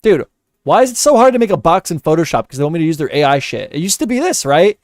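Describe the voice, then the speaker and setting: A man's voice: on the high side, very animated, quick pace, no echo, clean studio sound. A man doing live commentary while editing, muttering, repeating words under his breath and cursing in frustration. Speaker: commentary streamer.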